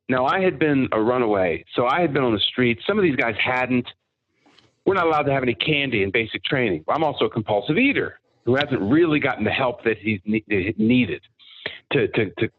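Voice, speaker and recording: Storytelling man on a tinny line. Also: medium pitch. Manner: animated anecdotal storytelling. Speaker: podcast guest. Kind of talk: casual storytelling.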